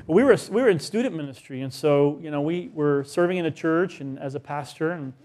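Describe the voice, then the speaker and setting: A man in his thirties, a pastor preaching a sermon, telling a story with lively voiced quotes. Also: fairly high pitch, a little fast.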